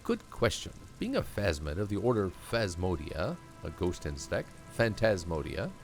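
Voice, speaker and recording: A man's voice: low-pitched, sing-song, moderate pace, faint music behind. A man voicing an earnest male cryptozoologist, lecturing in a raised, eager voice.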